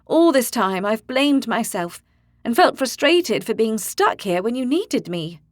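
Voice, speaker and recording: A woman narrator voicing a determined young woman warrior in an audiobook, speaking with forceful confidence. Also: on the high side, big pitch swings, unhurried, dry recording, clean studio sound, pitched above the performer's own voice. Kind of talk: audiobook character voice.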